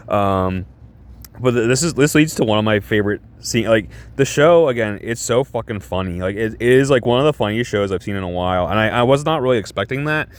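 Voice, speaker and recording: A man casually reviewing a show in a vlog, excitable and rambling, swearing a lot. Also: on the low side, fast talker, clean tone.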